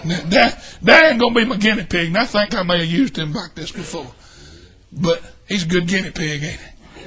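An older man preaching a folksy sermon, swinging between shouts and hushed asides. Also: sits high. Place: church.

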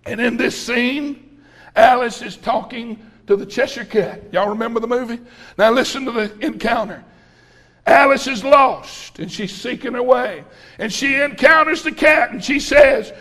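A middle-aged man preaching a folksy, rousing sermon, often breaking into shouts. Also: very high voice, unhurried.

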